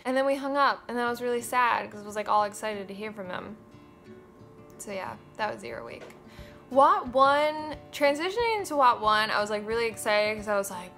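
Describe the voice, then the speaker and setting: A young woman in her twenties talks to her viewers in a loose, chatty way, scattering fillers and acting out little quoted asides. Her voice sits a little high for a woman, and she swears casually and candidly. Faint music plays softly under her. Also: normal speed. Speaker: vlogger. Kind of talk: casual chat.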